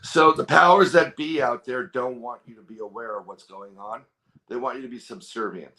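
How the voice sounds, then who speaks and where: A man's voice: medium pitch, normal speed, sharp tone. A man with a mid-range voice, talking as a podcast guest in a casual, rambling way. He restarts his sentences and slips into quoted dialogue as he tells his story.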